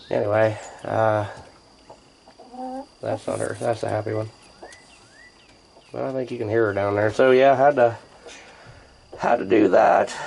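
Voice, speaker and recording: A gravelly man rambles in a laid-back drawl, muttering asides as he films on a handheld camera. He is outside in a rural yard, and crickets chirp faintly behind him. His voice sits at a middling pitch. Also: darkish tone, a little hiss or hum. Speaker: homesteading vlogger. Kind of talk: casual rambling narration. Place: outdoors in a rural yard by a chicken coop. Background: crickets and insects outdoors.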